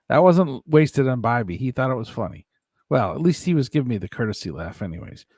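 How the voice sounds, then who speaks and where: A man's voice: medium pitch, normal speed, husky, dry recording. A man hosting a casual show, reading out viewer comments and joking with his guests, laughing often. He is from Ohio. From Ohio, USA. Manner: jokey, laughs often, animated. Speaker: host.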